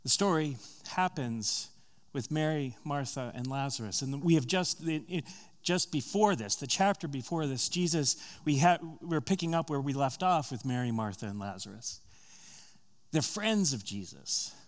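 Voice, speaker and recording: A man preaching a sermon, retelling a story with conversational asides, rising louder and higher at tense moments and dropping soft and slow. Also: lively intonation.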